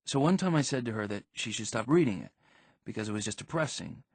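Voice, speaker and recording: A man's voice: fairly low pitch, animated, fast talker, husky, no room sound. A man narrating a first-person audiobook in a rambling, slangy teenage manner. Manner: slangy, rambling teen storytelling.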